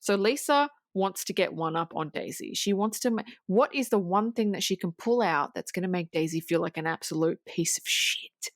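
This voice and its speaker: Woman on a podcast walking thru a movie scene, gets really into it, swears a lot, dry close mic, mid pitch. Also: a little fast, hardly any pauses, no echo. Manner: animated retelling, swearing, frequent restarts. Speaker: podcast co-host. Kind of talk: casual film recap.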